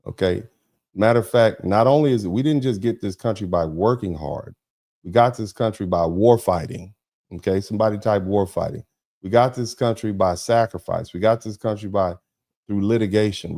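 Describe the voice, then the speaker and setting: Low, mellow-voiced man hosting commentary. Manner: emphatic, preachy, repetitive. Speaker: host of a commentary broadcast. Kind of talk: political commentary livestream.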